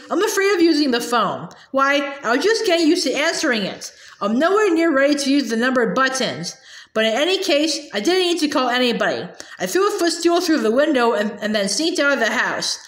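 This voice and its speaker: A woman's voice: high-pitched, sing-song, brisk, a bit bright. A woman voicing a fussy, fearful older aunt who whines and scolds about grammar, read aloud from a storybook. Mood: prim. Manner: whiny, prim, scolding. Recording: roomy echo.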